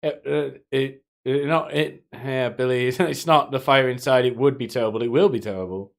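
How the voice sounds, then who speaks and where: A man's voice: mid-range voice, fairly even intonation, normal speed, gravelly. A man streaming live, chatting casually with viewers in a rambling, profane way, often laughing to himself.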